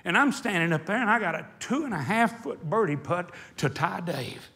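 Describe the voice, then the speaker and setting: A male preacher with a high voice delivers an impassioned sermon. He tells stories, drawing out key words slowly for emphasis. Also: animated, creaky, pushed and bright. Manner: impassioned storytelling, slowing for emphasis. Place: hot indoor meeting hall.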